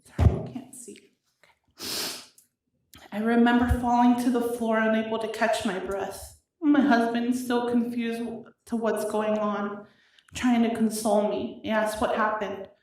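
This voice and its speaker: A woman reads a prepared statement in a courtroom, her voice wavering and halting with grief. Her voice sits a little high. It comes from a microphone some distance away and rings with a strong, echoey hall sound. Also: flat delivery, darkish tone. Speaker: victim's sister giving an impact statement. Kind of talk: reading a prepared statement aloud. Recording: echoey courtroom audio from far off.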